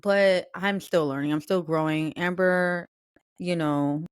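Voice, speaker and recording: Warm-supporting young woman, dry close sound. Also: on the low side, unhurried, clean tone, dry recording. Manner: supportive, reassuring, reflective. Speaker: podcast co-host. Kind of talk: casual chat.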